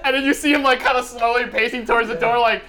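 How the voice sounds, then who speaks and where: A man's voice: extremely high pitch, fairly even intonation, fast, heavy background noise. A young man co-hosting a casual podcast chat, playfully narrating and acting out scenes. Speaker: podcast co-host.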